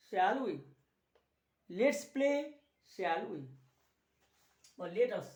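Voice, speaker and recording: A male teacher with a Nepali accent giving an English grammar lesson, speaking slowly, repeating key words and slipping into Nepali to explain. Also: sits high, a little mellow, far from the mic. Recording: echoey room, voice a little off-mic.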